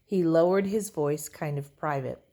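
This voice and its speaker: This is a woman narrating a children's storybook in an expressive, playful way. Her voice sits fairly low. She reads at a very slow, unhurried pace. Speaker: audiobook reader.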